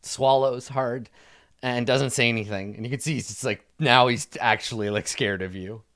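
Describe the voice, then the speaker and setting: A man's voice: medium pitch, normal speed, fairly bright tone. A man narrating as dungeon master in a loose, rambling casual way. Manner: loose, rambling, filler-heavy. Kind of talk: casual tabletop game narration.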